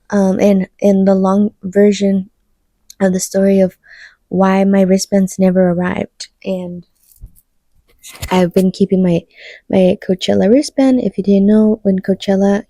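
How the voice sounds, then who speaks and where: A woman's voice: mid-range voice, warm tone, no room sound. A woman chatting casually to her phone camera as a vlogger, with many "um"s and "like"s. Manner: chatty, lots of fillers like "um" and "like". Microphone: phone camera mic.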